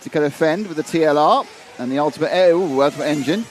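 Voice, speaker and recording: A man's voice: a little high, fast talker, a little hiss or hum. A man doing live race commentary, chatty and playful, sometimes stumbling over names.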